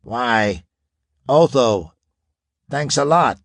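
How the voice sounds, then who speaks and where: A man voicing a huge, loyal robot man with a booming voice in an audiobook. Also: animated, drawn-out words, creaky, fairly bright tone, no echo, exaggerated voice. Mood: eager. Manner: booming, indignant. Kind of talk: audiobook character voice.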